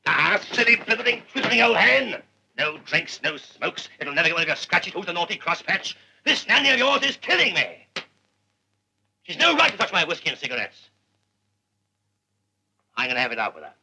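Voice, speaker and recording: A man's voice: high voice, very animated, fairly quick, gravelly, pauses often, background noise, full character voice. A man playing a petulant, bedridden captain who blusters for whiskey and cigarettes in a 1950s British film.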